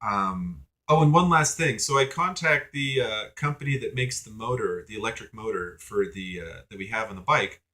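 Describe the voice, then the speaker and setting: A man's voice: on the low side, lively intonation, moderate pace, few pauses, pushed and bright. A young man venting in a casual video rant, exasperated and sarcastic, rambling with lots of ums and likes. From United States. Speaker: vlogger.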